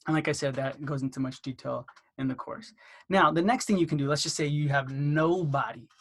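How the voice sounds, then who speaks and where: A man casually teaching marketing for a dental practice, with lots of fillers, who acts out phone conversations by jumping into a higher voice. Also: a little fast, fairly bright tone. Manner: acts out phone dialogues in a raised voice; loose, filler-heavy delivery. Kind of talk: casual instructional talk.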